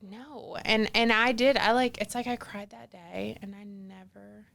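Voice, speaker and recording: A woman, in her forties, telling a personal story as a podcast guest in an animated, chatty way with lots of fillers. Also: mid-range voice, measured pace, creaky. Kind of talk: casual conversational storytelling.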